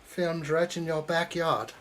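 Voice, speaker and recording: On the high side and fairly bright, this man's voice is a little slow, with faint music in the background. He's building a model kit live, reading comments from chat and bantering teasingly with his audience.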